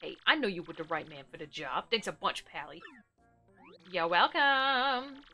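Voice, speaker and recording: Woman playing a gruff old game mafia don, gangster drawl, bossy, clipped, lively swings in pitch. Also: moderate pace, faint music behind. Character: gruff old male mafia boss plant.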